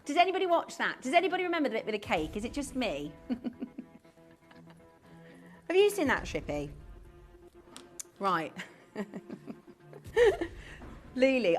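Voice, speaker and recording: Chatty woman, lively pitch. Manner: chatty, full of rhetorical questions. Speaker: shopping channel presenter. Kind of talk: live TV selling chat. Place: TV studio.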